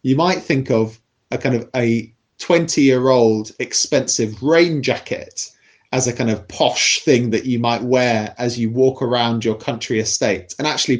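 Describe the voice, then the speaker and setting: A man with a posh British accent explaining a topic in a thoughtful, measured podcast conversation, often restarting his sentences. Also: medium pitch. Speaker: podcast guest explaining class.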